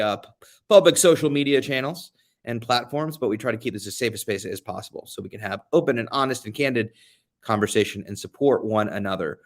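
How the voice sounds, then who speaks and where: Chatty young man hosting a live stream. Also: on the low side. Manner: chatty, self-deprecating, greets viewers by name. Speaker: livestream host, advocate. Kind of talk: casual live-stream chat. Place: beach rental during a getaway.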